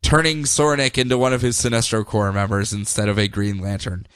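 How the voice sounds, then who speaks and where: A man co-hosting a podcast, recapping comic books in a casual, animated way. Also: lowish voice, brisk, smooth, no room sound. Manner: animated, acts out character quotes in funny voices. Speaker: podcast co-host.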